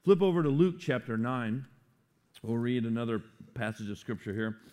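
A man preaching a sermon, animated and playful, acting out quotes for humor. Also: medium pitch, normal speed. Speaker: pastor.

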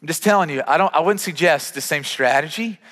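A man's voice: fairly high pitch, fairly quick, a bit bright, in a large hall. A male pastor preaching a sermon in a conversational way, often repeating words as he starts sentences.

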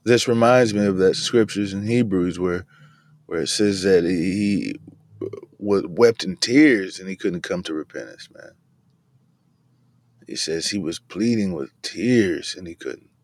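A man hosting a casual devotional podcast from inside his van, talking in a relaxed, chatty way and often saying "man". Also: low-pitched, unhurried. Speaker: podcast host. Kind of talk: casual devotional bible talk. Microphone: video camera in a van.

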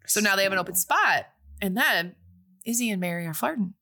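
A woman casually retelling a film's plot on a podcast, animated and breezy. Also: medium pitch, fairly quick. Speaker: podcast co-host recapping a film. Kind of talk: casual recap chat.

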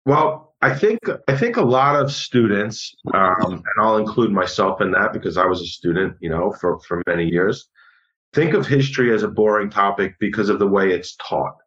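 A middle-aged man, a history teacher being interviewed, explaining in a measured, thoughtful way and often repeating words. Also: lowish voice, expressive, fairly bright tone. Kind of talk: conversational interview. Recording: dull lo-fi audio.

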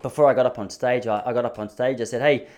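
A man in his thirties, chatting as a podcast host. He tells comic stories in a self-mocking way, and his pitch leaps up whenever he stresses a point. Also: fast talker. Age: 30s. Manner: animated, self-mocking, pitch jumping up for emphasis. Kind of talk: casual comedic storytelling.

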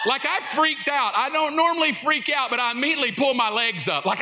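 A middle-aged male pastor telling funny stories in a sermon, animated and acting out quotes. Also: extremely high pitch, fast talker, hardly any pauses, slight background noise. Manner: animated, jokey, acts out quotes. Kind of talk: comedic sermon storytelling.

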